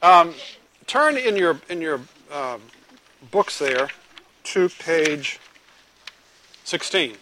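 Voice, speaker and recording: A man preaching a sermon to a live group, asking them questions and telling a lively joke. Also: a little high, drawn-out words, pauses often, background noise. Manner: animated storytelling, joke-telling.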